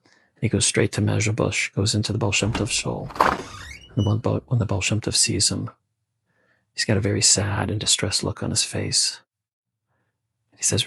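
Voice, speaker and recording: A man telling a story in a casual, conversational way with asides, his voice gravelly and husky. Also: lowish voice, monotone, normal speed, pauses often, fairly bright tone, dry recording. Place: bungalow colony.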